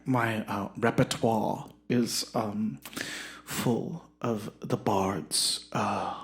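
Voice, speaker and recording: A performer voicing a pompous, self-important Shakespearean actor who talks in a hushed, breathy, halting way in a comedy podcast sketch. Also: medium pitch, pitched below the performer's own voice. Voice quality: hushed and breathy, drifting into a whisper. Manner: pompous, grandiose, hesitant with many ums.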